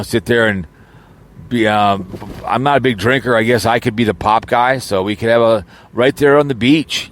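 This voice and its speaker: A man rambling casually in an audio vlog, joking around with lots of fillers and false starts, recorded in his car. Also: lowish voice. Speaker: YouTuber.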